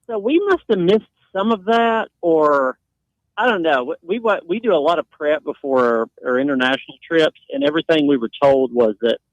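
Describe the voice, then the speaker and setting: A middle-aged man from Tennessee, a guest sportswriter chatting on a radio show, telling travel stories with lively acted-out voices. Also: on the high side, moderate pace, no echo, lo-fi sound. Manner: animated storyteller, acts out voices. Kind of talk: casual radio chat.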